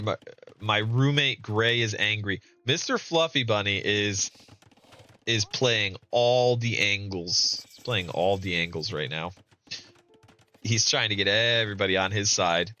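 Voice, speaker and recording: A man with a bright, forward voice talks through a community strategy match. He commentates casually and reads out players' chat with amused chuckles, close to a desk mic. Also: on the low side. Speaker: streamer.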